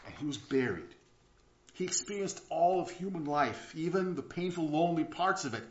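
A man preaching a sermon in an earnest way, often repeating words and restarting, swinging between loud and hushed. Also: on the high side. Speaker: pastor. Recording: roomy, slightly dull sound.

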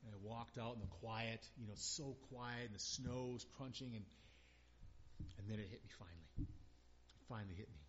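A man's voice: fairly low pitch, moderate pace, long pauses, slight background noise. A middle-aged man preaching a sermon as a pastor, earnest and building to emphatic repeated phrases. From northern Minnesota. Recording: dull lo-fi sound.

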